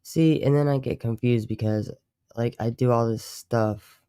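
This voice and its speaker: A man's voice: medium pitch, fairly even intonation, a little slow, warm tone, clear, resonant tone, no echo, clean studio sound. A man hosting a live stream, chatting casually in a rambling, profane way and often correcting himself. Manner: rambling, profane, self-interrupting. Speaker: livestream host.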